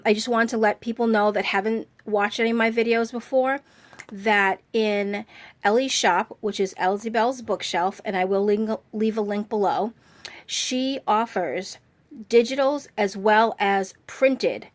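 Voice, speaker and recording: A woman's voice: mid-range voice, steady tone, measured pace. A chatty woman hosting a craft video, showing off a handmade journal. She talks in a friendly, easy way with plenty of fillers, and a cough drop in her mouth colors her speech. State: talking around a cough drop. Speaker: craft channel host. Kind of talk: casual craft walkthrough.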